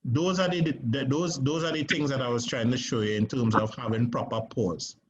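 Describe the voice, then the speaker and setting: A man's voice: mid-range voice, fairly even intonation, moderate pace. A man teaching a stage acting class, coaching his students and checking in with "right?" as he explains. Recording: muffled classroom recording with background noise.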